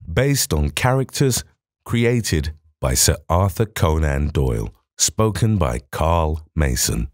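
A man's voice: sits low, no echo, clean studio sound. A man giving scripted first-person narration in an audiobook, in a formal, old-fashioned storytelling manner.

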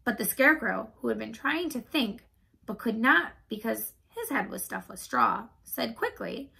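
Gravelly-voiced woman reading a storybook. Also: on the high side, lively intonation, normal speed, pushed and bright, low-quality recording. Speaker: teacher. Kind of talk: reading a children's book aloud.

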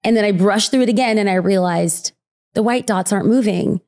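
A woman in her thirties, a podcast guest telling a personal story in an animated conversational way, acting out quotes. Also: fairly quick. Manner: animated, acts out quotes with big pitch jumps.

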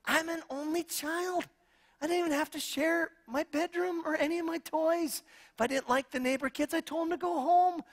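Middle-aged man, pastor, sermon; lively and jokey, higher-pitched, long hall echo. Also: moderate pace. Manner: animated, humorous, self-deprecating storytelling.

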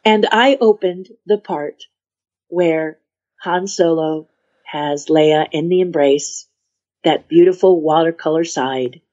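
Slow and low with a darkish tone, this podcast guest tells an animated anecdote, voicing the characters and dropping into whispers for drama. The audio is dull and lo-fi.

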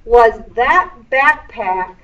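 A woman's voice: on the high side, big pitch swings, extremely slow, a bit bright, recorded from a distance. A woman teaching a middle school English lesson in a classroom, explaining patiently with playful asides. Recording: echoey classroom recorded from afar, dull.

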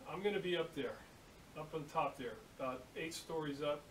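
A man playing a gruff, irritable male steelworker in a told joke, with a blustering, grumbling manner. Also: on the high side, normal speed, close to an everyday voice. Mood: instructing. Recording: echoey room from a distance, hiss.

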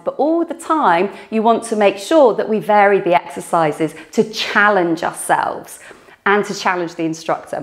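A woman leading an at-home pilates class, counting reps and cueing moves while exercising, slightly out of breath, with a mic close to her mouth. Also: mid-range voice. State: a little out of breath. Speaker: pilates instructor. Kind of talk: guided workout instruction. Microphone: microphone close to mouth.

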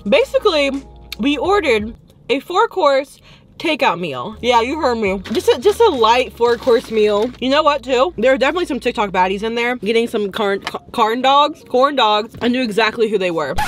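A young woman vlogging from her parked car, chatting excitedly and swearing freely into a phone camera. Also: on the high side. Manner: excitable, swears freely, bursts of loud glee. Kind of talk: casual vlog chat.

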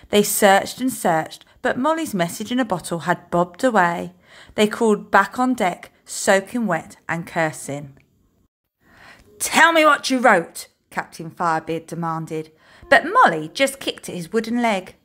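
A teacher reading a children's storybook aloud in a slow, expressive storytelling voice. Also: female voice, on the low side. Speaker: infant school teacher.

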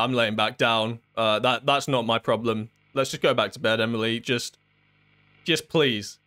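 A man's voice: mid-range voice, a bit bright, clear, resonant tone. A man jokes sarcastically and swears as he talks through a horror video game, laughing often. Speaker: gaming YouTuber. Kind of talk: horror game let's play commentary.

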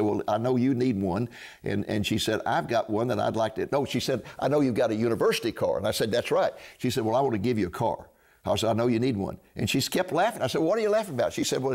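Older man, gravelly storyteller. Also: mid-range voice, darkish tone. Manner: earnest storyteller, acts out quoted dialogue. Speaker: ministry founder and TV host. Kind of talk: personal testimony storytelling.

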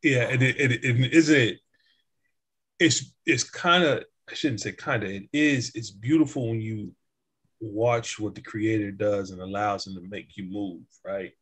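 Husky-voiced man reflecting as host. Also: on the low side, unhurried, fairly bright tone. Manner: reflective, affirming, lots of restarts. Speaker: podcast host. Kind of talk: casual chat.

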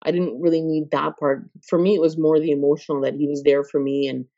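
Expressive woman guest, dull lo-fi sound. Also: sits low, quick pace, dry recording. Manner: expressive, laughs often, acts out quoted voices. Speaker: podcast guest. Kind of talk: casual conversational interview.

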